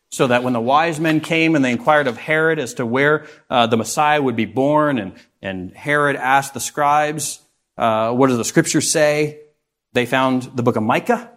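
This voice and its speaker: A man giving a Bible lesson in a middle-pitched voice. He reads passages aloud and pauses to put questions to his listeners, lifting his voice for emphasis and then dropping it low. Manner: expressive teaching with rhetorical questions to the class. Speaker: Bible teacher.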